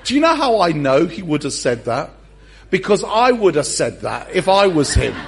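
A man's voice: fairly high pitch, moderate pace, gravelly, a little hiss or hum. A middle-aged man preaching a humorous sermon in a church, telling stories with self-mocking jokes. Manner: animated, self-mocking storyteller. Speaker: pastor.

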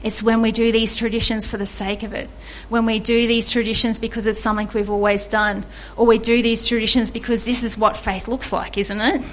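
Woman preacher, fairly high voice, earnest and reflective, faint noise behind. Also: level tone, a little fast, hardly any pauses, rough recording. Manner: earnest, reflective, asks listeners questions. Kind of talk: devotional sermon.

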